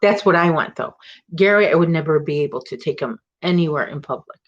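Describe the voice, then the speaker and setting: A woman's voice: sits low, fairly quick, lo-fi sound. A woman hosting a crochet livestream, chatting casually and rambling with viewers, full of "like" and "oh my gosh". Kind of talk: casual chat with live viewers.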